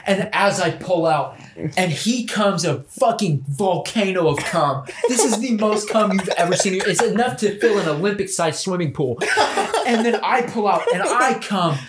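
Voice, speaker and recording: A man's voice: high voice, animated, normal speed. A man hosting a casual podcast, telling a crude, rambling story through laughter. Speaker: podcast host. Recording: echoey room with background noise.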